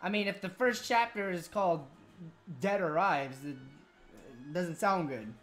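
A woman's voice: lowish voice, measured pace, faint music behind. A woman casually commentating a game playthrough, rambling and swearing with many fillers. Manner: rambling, profane, full of fillers. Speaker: gaming streamer.

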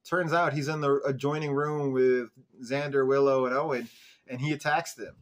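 A man's voice: mid-range voice, moderate pace. Chatty man recapping a TV episode. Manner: chatty, peppered with "like" and "um", animated retelling. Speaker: show host reviewing an episode.

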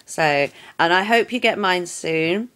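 A woman chats casually through a nail art unboxing, gushing over every item. Her voice sits a little low and she keeps her tone effusive throughout. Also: animated, a little slow, fairly bright tone, smooth.

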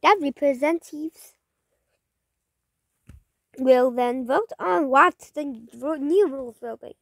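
A woman's voice: sits high, slow, vocal fry, no room sound, full character voice. A woman voicing a sensible, big-eared female mouse who urges the other animals to cooperate. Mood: earnest.

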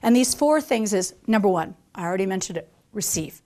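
A woman preaching a sermon, emphatic and repetitive, who slows down to stress scripture lines. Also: mid-range voice, expressive, mellow. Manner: emphatic, repeats key phrases, acts out quoted voices. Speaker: mother. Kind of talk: conference sermon.

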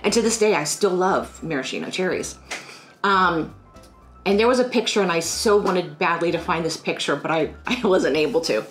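Middle-aged woman, lowish voice, rambling anecdotal chat over faint music. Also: moderate pace. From Pennsylvania. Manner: chatty, rambling, animated storytelling. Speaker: financial firm staff. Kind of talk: casual personal storytelling.

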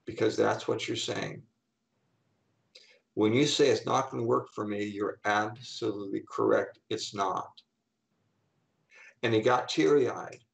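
Gravelly-voiced man telling lively stories. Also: on the low side, a little slow, long pauses, low-quality recording. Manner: animated anecdotes, acting out the people he quotes. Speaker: guest speaker and coach. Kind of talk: storytelling in an interview.

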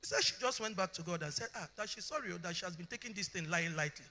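Animated Nigerian woman preaching a testimony. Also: on the low side, quick pace. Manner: animated storytelling, often asks the congregation if they understand; acts out both sides of dialogues. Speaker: conference speaker. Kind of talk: testimony sermon.

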